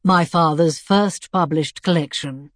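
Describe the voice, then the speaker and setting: Solemn, melancholy middle-aged man, read by a woman narrator; low, husky voice, plain delivery. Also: a little slow, no room sound, studio quality.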